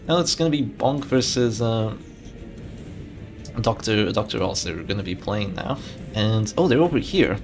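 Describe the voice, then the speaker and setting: Male streamer for live game commentary. Low voice with a lot of pitch movement, chatty and restarting his sentences, with faint game music behind. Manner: animated, chatty, thinking aloud with frequent restarts.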